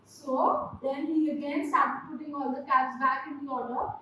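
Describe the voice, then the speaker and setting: A woman reads a picture book aloud to young children and stops often to ask them questions. Her voice is very high. She is recorded from a distance in a room that echoes heavily, with faint noise behind her. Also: fairly even intonation, moderate pace, fairly bright tone, muffled recording. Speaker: storyteller for children. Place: daycare room.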